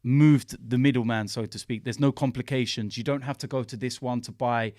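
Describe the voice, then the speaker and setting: A man trading casual football banter on a podcast, jokey and animated. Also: medium pitch, a little fast, dry recording, studio quality. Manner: animated, jokey trash talk with laughs. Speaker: podcast guest and fan pundit.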